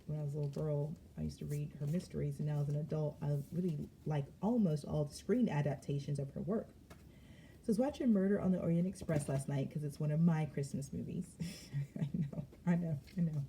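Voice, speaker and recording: Here a mother of young children reads tarot for her viewers in a low-pitched, mellow, brisk voice, with slight background noise. She's chatty, laughs a lot, and calls everyone "y'all."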